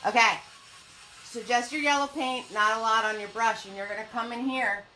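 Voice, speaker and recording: A woman's voice: a little high, normal speed, pushed and bright, slight background noise. A woman teaching a live painting lesson, chatting and greeting viewers by name with pet names like sweetie and hon. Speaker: painting instructor. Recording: echoey room with faint music.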